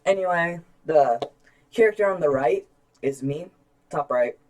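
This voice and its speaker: A man's voice: a little high, animated, measured pace, darkish tone. A man co-hosting a casual chat, joking, teasing and laughing often. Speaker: co-host.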